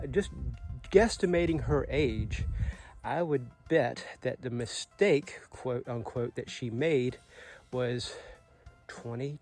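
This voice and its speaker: A man's voice: mid-range voice, darkish tone. A man in his late forties giving an earnest, motivational vlog talk outdoors, swearing casually. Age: 40s. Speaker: vlogger. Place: outdoors on a Caribbean island.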